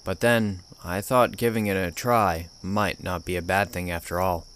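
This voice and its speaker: A man narrating a horror story in a measured, grim storytelling manner. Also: low voice, fairly even intonation, fairly bright tone, slight background noise. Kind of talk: scripted narration.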